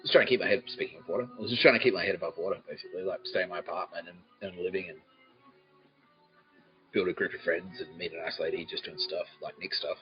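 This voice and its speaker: A man's voice: low-pitched, steady tone, fast talker. A man hosting a comedy podcast, rambling in a crude, meandering monologue that keeps breaking off, and laughing at his own jokes. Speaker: podcast host. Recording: dull lo-fi recording with faint music.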